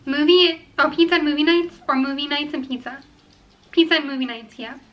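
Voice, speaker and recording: A young woman chatting casually to camera at home, rambling and filling pauses with ums as she weighs each choice. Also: high voice, steady tone, dull audio. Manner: chatty, rambling, filler-heavy. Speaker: vlogger. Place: home room.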